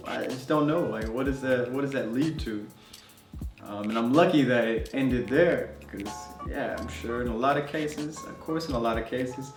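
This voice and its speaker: A young man telling a travel story to camera in a loose, conversational way, with fillers and laughs. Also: medium pitch. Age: young adult. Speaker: travel vlogger. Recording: roomy sound, distant mic, faint music.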